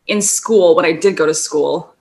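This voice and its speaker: A woman's voice: low voice, moderate pace, darkish tone. A woman co-hosting a podcast in casual chat, rambling through tangents and laughing often. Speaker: podcast co-host.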